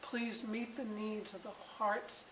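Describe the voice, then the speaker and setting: A middle-aged woman teaching a Bible class for mothers and closing in prayer, animated and emphatic, with bursts of excitement. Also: mid-range voice, a little slow. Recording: echoey room with faint background noise.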